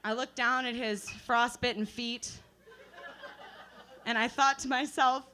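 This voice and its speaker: A woman's voice: on the high side, fairly even intonation, slow pace, pauses often, sharp tone. A young woman doing a self-deprecating stand-up comedy set at an open mic, telling stories full of fillers and laughs. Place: open mic night at a bar.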